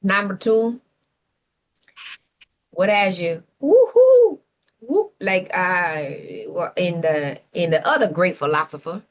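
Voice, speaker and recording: A woman co-hosting a panel talk show, her voice sitting a touch low. She argues by sarcasm and rhetorical questions, posing as just asking. Now and then she lets out a playful whoop. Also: takes it slowly, long pauses. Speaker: co-host of a civic talk show. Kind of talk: opinionated panel commentary.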